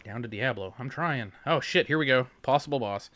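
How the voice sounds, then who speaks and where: A man at home playing through a game on stream, tired and loose, swearing freely as he cracks jokes and reads chat aloud. His pitch sits in an ordinary middle range, with a faint hum of background noise. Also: fairly quick, fairly bright tone. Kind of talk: casual let's-play chat.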